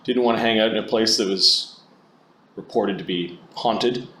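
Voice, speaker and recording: A man's voice: on the low side, moderate pace, pushed and bright. A man running a tabletop game as game master, describing scenes in a loose, filler-heavy way. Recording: echoey room recording.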